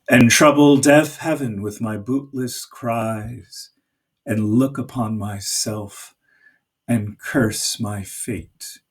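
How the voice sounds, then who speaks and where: A man with a lowish, slightly mellow and somewhat rough voice teaches a poetry lesson. He explains slowly and patiently, using fillers, reading lines aloud and sounding out their rhythms.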